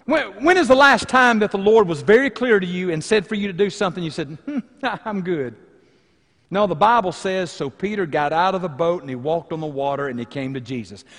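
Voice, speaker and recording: A man preaching a sermon as pastor, swinging between loud emphasis and hushed, quiet lines. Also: sits high, quick pace, hardly any pauses, big-room sound. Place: church sanctuary.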